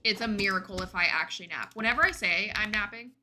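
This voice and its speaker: A woman's voice: mid-range voice, fast, bright, forceful tone, slight background noise. A woman streaming a game, chatting casually and answering her chat as she plays. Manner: chatty, reads and answers chat while playing. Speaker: gaming streamer.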